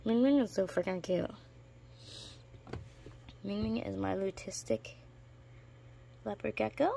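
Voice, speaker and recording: A woman talking casually in a vlog as she walks past her reptile enclosures, chatting about her pets and now and then slipping into high baby talk for them. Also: unhurried, vocal fry, warm tone, a little hiss or hum. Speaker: reptile keeper vlogger. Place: indoors in a room full of reptile enclosures.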